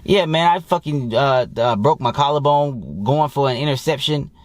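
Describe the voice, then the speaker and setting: A man's voice: medium pitch, moderate pace, no room sound. A man working as a dating coach, talking in a blunt, heavily profane, rambling monologue to his viewers. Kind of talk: casual profane monologue to camera.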